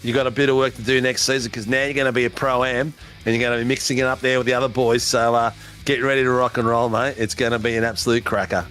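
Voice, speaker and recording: A man's voice: medium pitch, level tone, fast, a bit bright, soft background music. A man hosting post-race interviews for a sim racing broadcast, chatty and hyped up. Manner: hyped announcer, chatty, says mate a lot.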